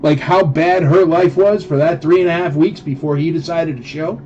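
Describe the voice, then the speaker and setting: A man casually ranting with sarcasm while selling at a live auction, mocking others through quick quoted asides. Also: fairly high pitch, steady tone, a little mellow, muffled recording, slight background noise.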